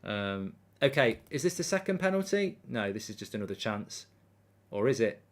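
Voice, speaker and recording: A man of medium pitch and moderate pace hosts a live football watchalong. He reads viewer comments aloud and launches into animated, indignant rants about refereeing calls.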